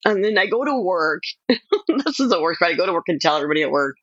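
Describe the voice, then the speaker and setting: A woman talking as a podcast guest, telling a personal story in a rambling, animated way with lots of fillers. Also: on the low side, fast, no echo, muffled recording.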